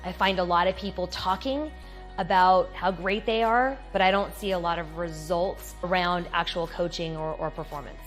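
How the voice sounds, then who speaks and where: Woman CEO, serious and direct, slightly low voice, faint background music. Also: normal speed. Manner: blunt, serious, outcome-driven. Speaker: business consultant, CEO. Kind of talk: direct-to-camera talk.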